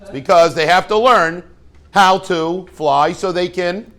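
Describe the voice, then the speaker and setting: A man's voice: high voice, measured pace, fairly bright tone. A man, a rabbi giving an informal, joking lesson to his students and tossing questions at the class.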